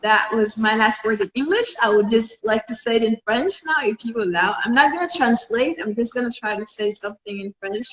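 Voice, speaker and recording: A woman's voice: a little high, a little fast, hardly any pauses, fairly bright tone, roomy sound, rough recording. A young woman from Senegal speaking with conviction as an interview guest, with some fillers. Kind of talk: casual interview talk.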